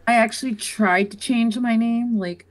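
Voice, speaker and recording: A young adult woman co-hosting a casual podcast, talking haltingly with restarts and easy laughs. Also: on the high side, fairly even intonation, low-quality recording. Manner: halting, restarts mid-sentence, laughs easily. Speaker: podcast co-host. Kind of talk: casual chat.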